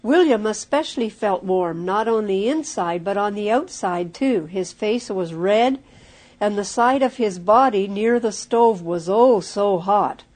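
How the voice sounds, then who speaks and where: A woman narrating a children's storybook aloud in a clear, measured way. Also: mid-range voice, expressive, darkish tone.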